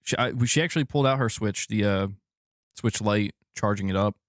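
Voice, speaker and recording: A man's voice: lowish voice, a little fast, no room sound, studio quality. A man hosting a casual livestream chat, rambling and correcting himself, laughing often. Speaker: streamer host.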